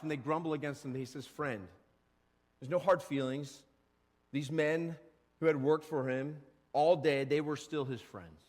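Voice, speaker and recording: Animated pastor preaching in a reverberant church. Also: male voice, medium pitch. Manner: animated, acts out short voices and quotes. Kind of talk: sermon. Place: church sanctuary.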